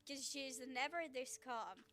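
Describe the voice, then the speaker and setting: Woman streamer, high and unhurried, excitable and sweary, restarts a lot, home setup mic. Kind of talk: casual live-stream chat.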